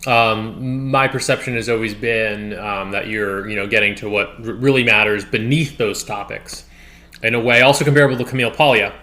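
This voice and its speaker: A man hosts a relaxed podcast conversation, rambling in a loose, think-aloud way. His voice sits a little low, with a bright, forceful edge. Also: moderate pace. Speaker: podcast host. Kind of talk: casual podcast interview.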